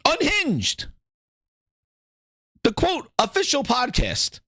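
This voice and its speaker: A man hosting a gaming show, ranting hotly and swearing freely. His voice sits high for a man and swings up and down with animated energy. The sound is dry and close, with no room around it. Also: measured pace, no echo. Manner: profane, heated ranting. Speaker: gaming channel host. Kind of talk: solo gaming podcast rant.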